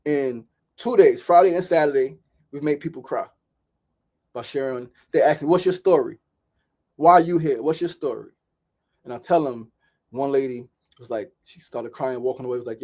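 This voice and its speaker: A man hosting a show, telling a story in a casual, animated way and acting out other people's voices. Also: medium pitch, normal speed, long pauses. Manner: animated, repeats "right?" and "like", acts out quoted voices. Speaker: podcast host.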